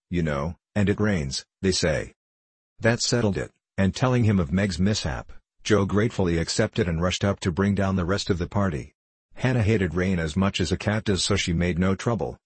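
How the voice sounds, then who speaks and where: A man's voice: sits low, a little mellow, breathy edge, no echo. A man reading a classic novel aloud as an audiobook narrator, giving the characters only slight shifts of voice. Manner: reads all characters in a near-plain voice with slight shifts. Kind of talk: scripted narration.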